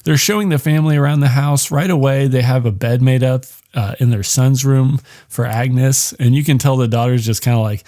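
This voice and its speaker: A man's voice: medium pitch, steady tone, moderate pace, few pauses, warm tone, no room sound, clean studio sound. Profane, rambling man recapping a film. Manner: rambling, profane, heavy on fillers. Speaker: podcast host.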